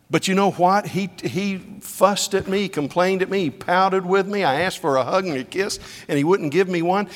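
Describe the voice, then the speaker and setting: A middle-aged male preacher delivering a sermon through story, his voice sitting a little high. He moves from soft, hushed lines to sudden loud cries. The sound carries a long reverb, like a large hall. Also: moderate pace, hardly any pauses. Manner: storytelling preacher, dramatic swings between hushed and shouted.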